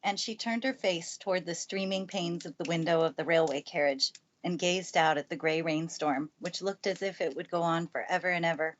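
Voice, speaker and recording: A woman with a lowish voice reads a classic children's book aloud in a calm, steady manner. She is recorded with a studio mic in a family room by the fireplace. The sound comes across a bit dull and lo-fi. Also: normal speed, hardly any pauses, a little hiss or hum. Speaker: narrator. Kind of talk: live storybook reading aloud. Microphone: good studio mic.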